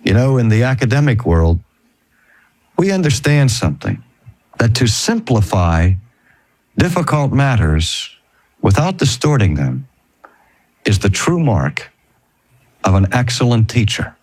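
Male preacher-teacher, animated storyteller, wide-ranging voice, dry close sound. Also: mid-range voice, no echo. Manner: emphatic, animated storytelling with slowed, stressed phrases. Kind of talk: storytelling sermon.

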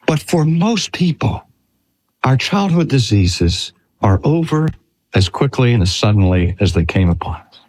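An older man preaching a sermon in a slow, earnest way with drawn-out emphasis. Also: mid-range voice, a little mellow. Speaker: pastor.

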